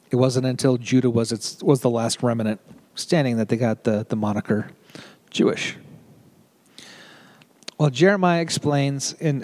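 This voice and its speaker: A middle-aged man preaches in a relaxed, conversational way. He jokes and drifts into quick asides. His voice sits at an ordinary middle pitch for a man. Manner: chatty and joking, with quick asides. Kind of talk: casual sermon.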